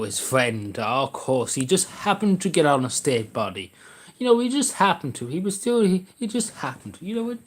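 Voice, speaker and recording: A man talks casually into a desk mic on his livestream. He rambles, making sarcastic, jokey asides as he goes. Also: mid-range voice. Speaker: livestream host.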